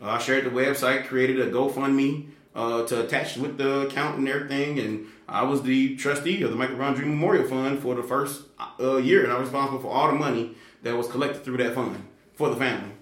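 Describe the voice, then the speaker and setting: Male guest, lively slangy raconteur, talks fast, recorded in an echoey room. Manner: animated, acts out quoted people with big pitch jumps; fillers and restarts, slangy. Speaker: guest telling his story. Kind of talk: casual conversational storytelling.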